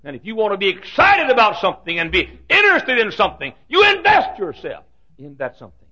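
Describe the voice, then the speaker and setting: A man in his fifties preaching a sermon in a folksy, joking way, repeating himself and bursting into shouts. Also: high-pitched, huge pitch swings, brisk. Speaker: pastor. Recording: dull lo-fi recording.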